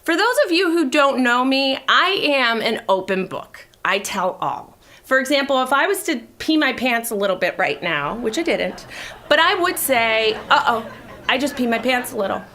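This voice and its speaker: A woman's voice: on the high side, very animated, moderate pace, bright, forceful tone. A woman in her thirties hosting a talk show, telling a confessional story to a studio audience in a chatty way. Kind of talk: comedic monologue to a studio audience.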